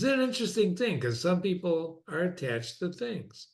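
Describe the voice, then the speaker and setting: A man's voice: high-pitched, sing-song. A man reading classic philosophy aloud and commenting on it, reflective and conversational, often repeating phrases for emphasis. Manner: reads quoted passages slowly and deliberately. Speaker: reader and teacher of classic philosophy.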